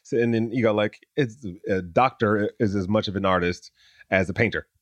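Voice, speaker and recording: A man hosting a podcast in a casual conversation, quick and joking, rambling with fillers. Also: lowish voice, no room sound. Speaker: podcast host.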